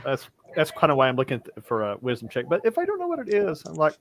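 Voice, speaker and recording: A man's voice: on the high side, wildly swooping pitch, fast, a bit bright. A man playing in a streamed tabletop game, talking casually and hesitantly, often stammering. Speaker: player.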